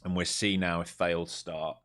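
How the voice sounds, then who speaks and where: A man's voice: sits low, little pitch movement, fairly bright tone. An English man live-streaming his futures trading, chatting casually and joking between calls on price levels. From England. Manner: chatty, laughs often, quick jokes between chart calls.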